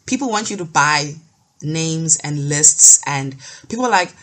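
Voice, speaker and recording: A young woman with a lowish, husky voice recounts stories in casual chat. She talks in bursts, restarts, and acts out the people she quotes. She is from South Africa. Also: normal speed. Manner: storytelling, animated retelling with restarts. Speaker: podcast co-host.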